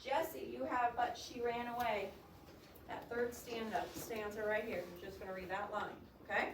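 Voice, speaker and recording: Teacher in a roomy classroom. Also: female voice, a little high, moderate pace. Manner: expressive reader, coaxing questions to students. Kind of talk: classroom poetry reading and discussion. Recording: roomy classroom sound from a distant mic with noise.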